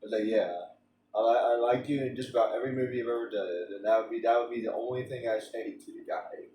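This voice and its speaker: A man's voice: medium pitch, level tone, fast, dark tone, reverberant, distant mic, a little hiss or hum, rough recording. A man streaming a game, chatting in a rambling way with frequent restarts and stammers. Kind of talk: casual rambling chat during a game stream.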